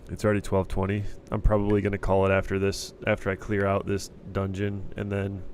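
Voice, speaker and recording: A man's voice: sits low, a little fast. A man streaming a game, chatting casually and thinking aloud about what to do next. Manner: relaxed, thinking aloud while playing. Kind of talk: casual gameplay commentary. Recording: steady background noise.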